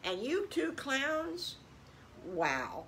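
A woman's voice: sits high, wildly swooping pitch, drawn-out words, slight background noise, voice pushed up, heavily acted, low-quality recording. An older woman voicing a kindly male circus boss who gushes with praise for the children. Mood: praising. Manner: warm, gushing praise.

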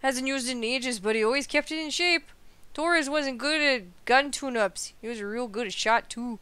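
A woman's voice: sits high, normal speed, bright, forceful tone, clean tone, dry recording, pitched above the performer's own voice. A woman reading a friendly male police gunsmith's game lines in a put-on Canadian accent, ending sentences with "eh". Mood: folksy. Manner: tacks "eh" onto lines.

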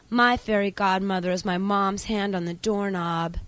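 A woman's voice: medium pitch, steady tone, moderate pace, hardly any pauses, a bit bright, no echo, low-quality recording. A woman performing a spoken word piece in an intense, raw and rhythmic way.

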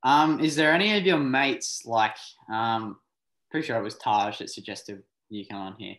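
A young Australian man in his late teens hosts a podcast, putting casual interview questions in an easygoing way with lots of ums. His voice sits at medium pitch, a bit bright, at normal speed. The recording has a roomy echo.

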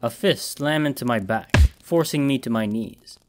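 A man narrating a first-person horror story in a measured storytelling manner. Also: mid-range voice, soft background music. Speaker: audiobook narrator.

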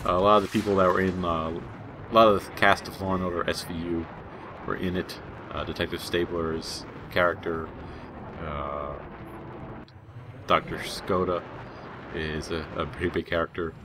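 A man's voice: sits low, flat delivery, normal speed, long pauses, background noise. A young man giving casual gameplay commentary, rambling and jokey, laughing at his own asides. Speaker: gaming channel host.

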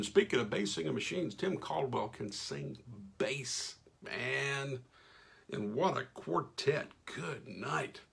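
A man's voice: mid-range voice, vocal fry, fairly bright tone, breathy edge. A middle-aged man, hosting a casual live stream, reading out viewers' names and chatting with folksy enthusiasm as his voice wears thin. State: losing his voice. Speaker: radio host reading live comments.

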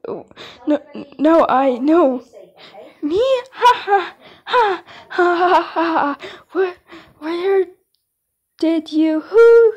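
A woman's voice: very high voice, lively intonation, very slow, pauses often, mellow, pitched above the performer's own voice, full character voice. A woman voicing a flustered young man in a fan comic dub, stammering nervously.

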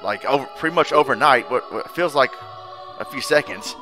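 A man's voice: mid-range voice, a little fast, music in the background. A man casually chatting and joking while commenting on a video game playthrough. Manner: animated, laughing, does goofy quoted voices. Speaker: let's play co-host.

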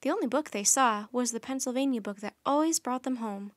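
A woman hosting a children's storytime, reading a chapter book aloud in a gentle, friendly, unhurried way. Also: fairly high pitch, no echo, studio quality.

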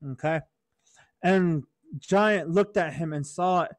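A man telling a traditional story to young people, in a gentle teacherly way, often checking in with "right?" and "okay?". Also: on the high side, slow pace, dry recording. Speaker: storyteller for youth.

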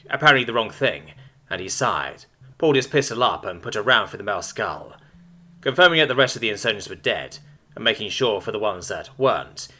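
A man reading a science-fiction war story aloud with a bright, forceful voice. His pitch rises and falls a lot as he tells it. Faint music plays underneath. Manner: lively expressive reading. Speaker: narrator. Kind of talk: scripted story narration.

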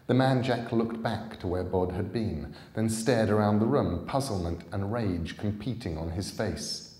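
A man reads a novel aloud in a calm, deliberate way. His voice is deep and unhurried. It rings in a roomy, echoing space. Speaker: storybook reader. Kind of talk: audiobook reading of a novel.

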